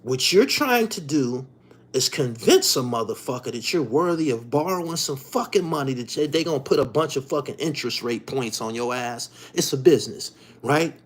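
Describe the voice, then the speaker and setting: A man's voice: medium pitch, expressive, normal speed. A man hosting his own show, delivering a profane, heated monologue that keeps circling back to the same question. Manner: profane, repetitive, heated, keeps asking "you dig". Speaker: podcast host. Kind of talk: ranting monologue.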